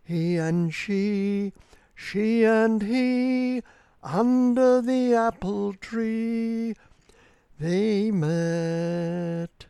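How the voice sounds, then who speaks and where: A reader reciting a rhyming verse tale in a lilting, rhythmic, unhurried manner. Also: mid-range voice, vocal fry, warm tone, smooth, no room sound, clean studio sound.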